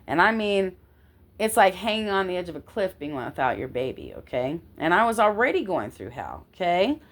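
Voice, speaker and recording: A woman's voice: on the low side, sing-song, normal speed. This woman speaks with force and indignation as she tells a story from her own life in casual talk. She swears now and then and keeps checking that the listener follows her. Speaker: vlogger telling a personal story.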